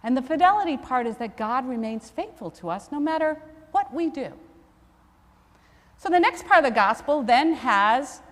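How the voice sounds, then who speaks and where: A woman's voice: high-pitched, animated, normal speed. A woman priest preaching a sermon, conversational and self-deprecating as she tells a story. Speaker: Episcopal priest. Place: church. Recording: long church reverb.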